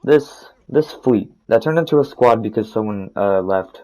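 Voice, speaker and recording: A man's voice: on the low side, lively intonation, a little slow, dark tone, muffled recording. A teenage boy telling a rambling, profane story over gameplay, restarting his sentences often. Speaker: gaming storytime narrator.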